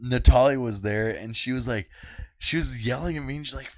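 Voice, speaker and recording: A young man hosting a podcast at home, telling stories in a casual, animated way and swearing freely. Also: medium pitch, a little fast, dry recording. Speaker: podcast host. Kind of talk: casual storytelling chat.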